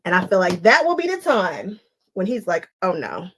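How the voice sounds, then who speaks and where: A woman's voice: medium pitch, sing-song, normal speed, a little hiss or hum. A woman hosting a quilting live stream, chatting casually and laughing often as she wanders off on tangents while cutting fabric at home. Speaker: quilting channel host. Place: home sewing space.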